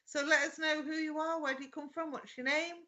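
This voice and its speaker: A woman's voice: sits high, fairly even intonation, fairly quick, crowd noise. A woman co-hosting a live psychic stream, bubbly and joking as she greets viewers. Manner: bubbly, warm greetings, jokes with co-host. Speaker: psychic reader co-host. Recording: dull lo-fi stream audio.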